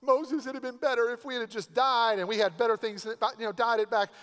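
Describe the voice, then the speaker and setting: A preacher voicing complaining Israelites in a whiny, raised voice during a sermon. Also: male voice, very high voice, fairly even intonation, brisk, fairly bright tone, clean tone. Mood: whining. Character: whining crowd of fleeing Israelites. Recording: long church hall reverb.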